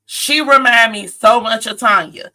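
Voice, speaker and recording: A woman's voice: fairly high pitch, unhurried, bright, forceful tone. A woman giving a chatty, sassy live-stream recap of a reality show, talking straight to her viewers.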